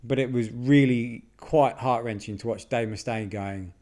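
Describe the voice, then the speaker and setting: A man's voice: medium pitch, normal speed, darkish tone. A man hosting a podcast from a home garage studio, blunt and bantering, given to swearing. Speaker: podcast host. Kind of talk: casual chat.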